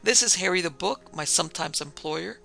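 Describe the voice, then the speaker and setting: Man doing eager dead guy in love, blurting, gravelly voice. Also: high-pitched, expressive, normal speed, sharp tone, soft background music, full character voice.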